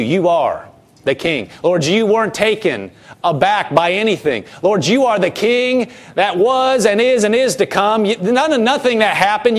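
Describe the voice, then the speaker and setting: A man pastor preaching a sermon in a conversational way, repeating key phrases and restarting sentences as he talks. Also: high-pitched.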